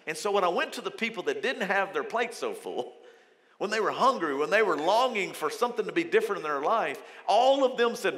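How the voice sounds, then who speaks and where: A male pastor giving a lively, conversational sermon in a church auditorium, acting out quotes as he goes. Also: sits high, fairly quick. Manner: lively, conversational preaching with frequent acted quotes. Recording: long hall reverb.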